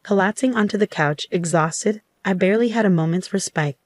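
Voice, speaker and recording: A woman in her thirties narrating a first-person story in an even, scripted telling. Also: mid-range voice, brisk, no room sound, studio quality. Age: 30s.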